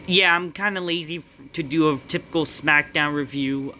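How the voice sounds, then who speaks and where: A man's voice: fairly high pitch, moderate pace, pushed and bright, slight background noise. A man ranting in a profane, dismissive way while reviewing a wrestling show.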